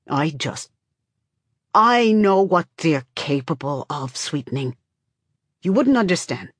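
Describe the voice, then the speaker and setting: A woman's voice: deep voice, big pitch swings, slow, slightly rough, no echo, clean studio sound, exaggerated voice. A woman voicing a bitter, haunted father.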